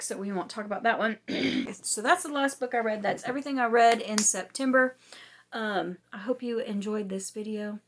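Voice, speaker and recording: A woman hosting a casual book review, chatty and rambling with many ums, her voice going hoarse. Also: medium pitch. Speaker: book reviewer, channel host.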